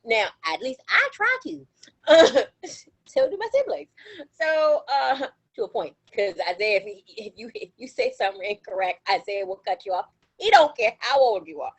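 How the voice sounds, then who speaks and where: A young woman chats on a podcast, spinning animated stories and hammering her points with slang and repetition. Her voice sits high and swings up and down all the time. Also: poor audio. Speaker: podcast co-host. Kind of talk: casual chat.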